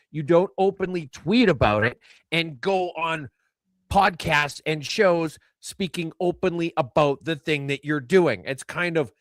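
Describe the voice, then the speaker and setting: A man's voice: on the high side, dry recording. A man co-hosting a podcast, giving casual news commentary in a dry, sarcastic manner. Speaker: podcast co-host.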